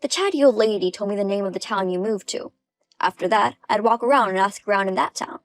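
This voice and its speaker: A woman reading the lines of a smug, bullying ex-husband in his forties for a text story, in a gravelly, dry voice. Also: medium pitch, fast, no room sound, lightly acted. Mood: pushy.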